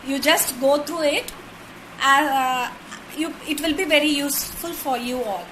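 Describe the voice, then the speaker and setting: A woman's voice: high-pitched, unhurried, fairly bright tone, a little hiss or hum, poor audio. A woman teaching a poetry workshop, patiently sounding words out syllable by syllable. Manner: thanks viewers by name with honorifics. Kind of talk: live online workshop lesson.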